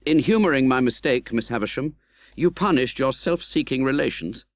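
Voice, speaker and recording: A man reading an audiobook in scripted narration, expressive and dramatic, voicing the young hero's pleas. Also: mid-range voice, moderate pace, dry recording, clean studio sound.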